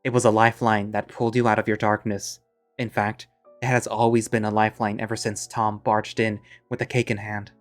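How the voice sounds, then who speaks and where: A man narrating a visual novel in the second person, steady and measured. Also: on the low side, soft background music.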